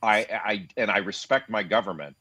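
A man in his fifties with a lowish voice lays out his views in a steady, reasoned way, often restarting his sentences as he thinks. The sound is dull and lo-fi, with a dry, close feel and no room around it. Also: breathy edge, no room sound. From United States. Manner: measured, reasoned, frequent restarts. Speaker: guest, basketball analyst. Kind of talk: interview conversation.

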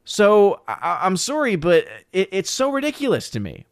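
A man's voice: high voice, wildly swooping pitch, normal speed, creaky, hardly any pauses, no echo, clean studio sound. A man hosting a live stream, reading out chat comments in casual talk, blunt and opinionated, often restarting his sentences. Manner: rambling, many restarts and fillers.

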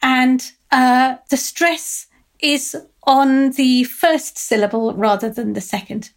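A woman professor giving a thoughtful close-reading, pausing with frequent ums and uhs and quoting lines aloud. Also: high-pitched, expressive. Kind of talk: lecture close-reading of a text.

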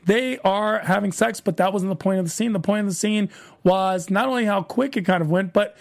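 A man hosting a solo aftershow, retelling scenes in a chatty, animated way and voicing the characters' lines. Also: high-pitched, fairly quick, gravelly. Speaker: podcast host recapping a TV show.

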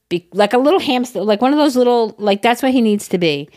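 A young woman co-hosts a podcast, telling animated stories in casual chat. She talks fast in a fairly high voice, swears freely, and keeps stammering and restarting her sentences.

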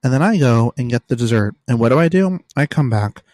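A man's voice: medium pitch, expressive, a little fast, darkish tone, dry recording. A young man hosting a casual solo podcast, telling stories in an exasperated way and swearing freely, recorded in a room at home. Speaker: podcast host.

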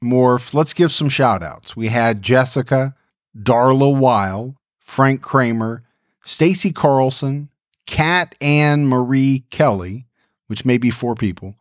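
A man's voice: medium pitch, takes it slowly, dry recording. A middle-aged man co-hosting a podcast, friendly and chatty in a mid-range voice. The sound is close and dry. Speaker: podcast co-host. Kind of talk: casual podcast chat.

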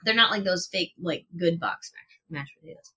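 Podcast co-host, woman, relaxed and profane, edgy bright voice with some rasp. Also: fairly low pitch, normal speed. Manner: casual, swears, reads prices aloud while browsing. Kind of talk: casual chat while taste-testing food. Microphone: podcast mic in a shared room.

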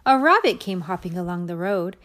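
A woman reading a children's picture book aloud in an expressive, rhythmic way. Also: fairly low pitch, fairly quick. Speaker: storybook reader.

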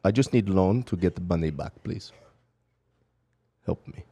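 Guy doing a heavy russian-accent caller, broken english, low and pleading. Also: moderate pace, warm tone, a little hiss or hum. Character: bumbling man with a thick Russian accent begging for a loan. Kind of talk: prank phone call.

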